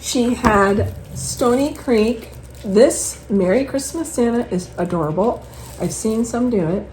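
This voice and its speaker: A woman chatting casually at home as host, showing off her purchases in a rambling, animated way. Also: fairly high pitch, unhurried, a little hiss or hum, low-quality recording.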